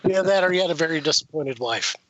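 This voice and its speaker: High-voiced man telling a story. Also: quick pace, no room sound. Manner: animated, laughs while telling, acts out quoted voices. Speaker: podcast guest. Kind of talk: casual storytelling. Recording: slightly muffled dry podcast recording.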